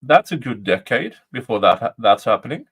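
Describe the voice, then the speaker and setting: A man hosts a casual livestream about a trial, reading aloud, tossing in jokey asides, and chuckling often at his own jokes. His mid-range voice is husky and fairly bright, with a brisk, sing-song delivery.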